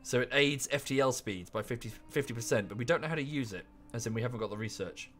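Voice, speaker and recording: A man thinking aloud at his desk mic as he plays a strategy game on a live stream. His talk is chatty and rambling, full of offhand asides, at a middling pitch with faint music underneath. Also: fast talker, a bit bright. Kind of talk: casual live-stream commentary.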